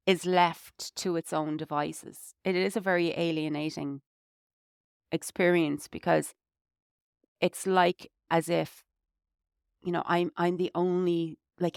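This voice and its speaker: A woman's voice: low-pitched, gravelly, clear, resonant tone, no echo, clean studio sound. An Irish woman co-hosting a podcast, talking reflectively in casual conversation with lots of "you know"s. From Ireland. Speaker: podcast co-host.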